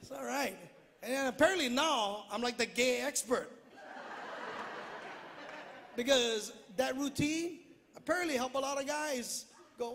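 A middle-aged man with a Hawaiian Pidgin accent performs stand-up in a large theater, talking with a strikingly high voice. He shouts his punchlines and acts out other people's voices with lots of energy. The recording carries long hall reverb, loud audience laughter and constant background noise. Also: unhurried, pauses often. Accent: Hawaiian Pidgin-tinged English. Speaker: stand-up comedian. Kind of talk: stand-up comedy routine. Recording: live theater with echo, crowd laughter and noise.

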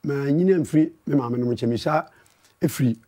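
Ghanaian male musician guest, husky, mellow, laid-back. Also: mid-range voice, fast talker. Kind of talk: casual interview chat.

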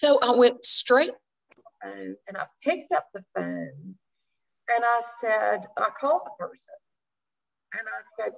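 Slow-talking woman telling her story. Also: fairly high pitch, lively intonation, gravelly, poor audio. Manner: earnest, laughs readily. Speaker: guest author. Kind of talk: personal storytelling in an interview.

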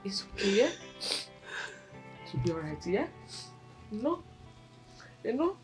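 An actress with a Nigerian accent playing a kind, motherly village woman who comforts and coaxes with soft questions. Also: medium pitch, big pitch swings, takes it slowly, soft background music. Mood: soothing. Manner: soothing, coaxing, gently questioning.

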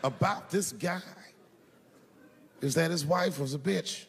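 A man doing a stand-up comedy set on a large theater stage, telling a loose story that swings from low mutters to shouted punchlines. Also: takes it slowly, creaky, very noisy. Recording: live stage sound in a big reverberant hall.

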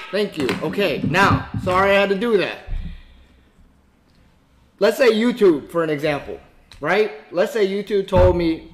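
Lively high-voiced man reacting. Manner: animated, profane, talks back at the screen. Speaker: reaction video host. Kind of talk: casual reaction commentary.

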